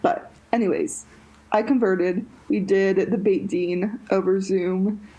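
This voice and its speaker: A woman's voice: medium pitch, fairly even intonation, slow, dark tone, dull audio. A young woman co-hosting a podcast in casual chat, rambling with lots of fillers and restarts. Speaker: podcast co-host.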